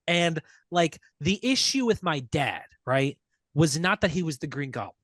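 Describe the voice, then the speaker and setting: A man's voice: a little high, expressive, moderate pace, a bit bright, no echo. A young man on a podcast, chatting casually and animatedly, telling stories and swearing freely. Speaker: podcast host. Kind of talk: casual chat.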